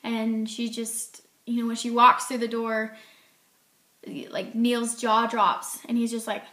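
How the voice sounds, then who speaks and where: A woman talks through a book in a casual vlog, retelling the story and acting out the characters' lines. Her voice is bright and a little high. It echoes around the room. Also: completely flat delivery, takes it slowly. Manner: chatty retelling, acting out quotes. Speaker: book reviewer.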